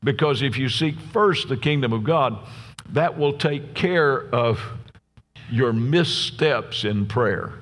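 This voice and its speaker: Speaking slowly in a medium-pitched, fairly bright voice, this middle-aged pastor delivers a folksy, joke-filled sermon built on stories. He keeps checking in with his listeners by asking "Amen?", while long reverb from the big church hall trails his words.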